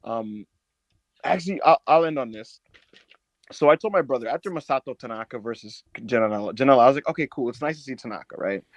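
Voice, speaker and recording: A man co-hosting a casual wrestling podcast, telling a long story with lots of swearing and high mock voices for the people in it. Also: quick pace, no echo. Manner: animated storyteller, swears a lot, acts out others in high put-on voices. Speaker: podcast co-host.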